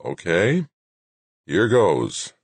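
A man voicing a calm male team leader who coaxes softly. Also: low-pitched, very slow, breathy edge, dry recording, pitched above the performer's own voice, heavily acted. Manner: soft, cooing, half-whispered. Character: calm male project leader, coaxing and steady.

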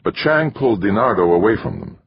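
A man narrating an audiobook in a steady, measured reading. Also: on the low side, vocal fry, slightly rough. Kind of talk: scripted narration. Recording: dry, slightly muffled recording.

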